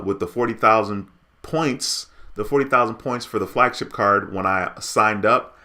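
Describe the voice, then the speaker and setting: Low-voiced guy doing a chill livestream, bright punchy tone, reads chat comments out. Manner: upbeat, reading viewer comments aloud. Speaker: livestream host.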